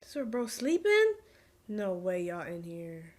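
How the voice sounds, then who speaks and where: A woman giving casual, excitable commentary while reacting to a film, often exclaiming. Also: on the low side, normal speed. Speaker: movie reaction creator.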